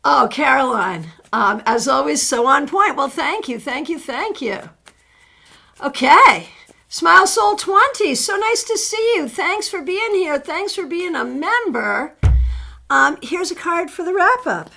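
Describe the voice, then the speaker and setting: A middle-aged woman hosting a live tarot stream, chatting warmly as she greets viewers by name and reads their cards. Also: sits high, lively intonation, a little slow, gravelly.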